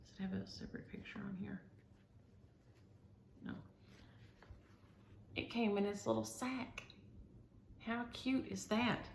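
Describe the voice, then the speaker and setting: A woman's voice: fairly low pitch, gravelly, fairly bright tone, a little hiss or hum. A woman hosting a chatty show-and-tell video, gushing over each item and talking straight to her viewers. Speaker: host. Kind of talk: casual show-and-tell chat. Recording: roomy echo.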